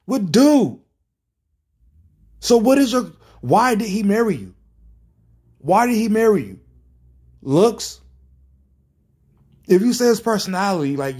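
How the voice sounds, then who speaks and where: A man with a husky, slightly raised voice tears into viewer comments. His talk is exasperated and sarcastic, and he swears freely as his rhetorical questions pile up. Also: high-pitched, sing-song, slow pace, pauses often, darkish tone. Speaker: commentary streamer. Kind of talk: reacting to comments.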